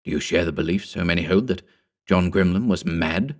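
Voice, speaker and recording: A man's voice: deep voice, brisk, natural voice. Guy doing a tense skeptical man brushing things off. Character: skeptical adult man, the storyteller.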